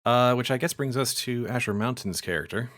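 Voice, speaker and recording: A man's voice: mid-range voice, brisk, a bit bright. A man running a tabletop game as game master, with dry, understated remarks.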